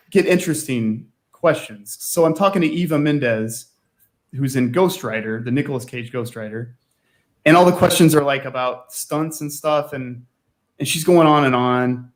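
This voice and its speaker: A man in a casual chat, telling one anecdote after another with easy laughter. He leans on "like" as he talks. His voice sits a bit higher than most men's. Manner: chatty storyteller, laughs often, fills with "like". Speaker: guest, former magazine staff writer.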